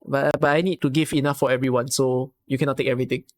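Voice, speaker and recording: With a bass voice and a Singaporean English accent, this Singaporean woman chats casually on a live stream, rambling and exclaiming excitedly. Her pace is fast.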